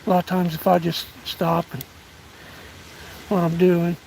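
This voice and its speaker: An older man in his late sixties speaks with a drawl, his voice high and gravelly. He rambles in a folksy, self-deprecating way while catching his breath outdoors. Faint sounds from the woods play behind him. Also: completely flat delivery, unhurried, a little mellow, slight background noise, poor audio. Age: 60s. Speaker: vlogger. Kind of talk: casual outdoor livestream chat. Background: outdoor ambience and a passing train.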